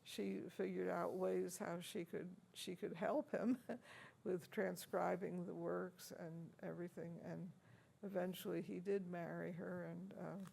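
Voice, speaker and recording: A woman's voice: on the low side, fairly even intonation, a little slow, warm tone. An older woman, an organist, recalling past encounters in a chatty interview, laughing often between stories. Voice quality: gravelly, husky. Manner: chatty, anecdotal, laughs often, many fillers. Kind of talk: reminiscing interview. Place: university room.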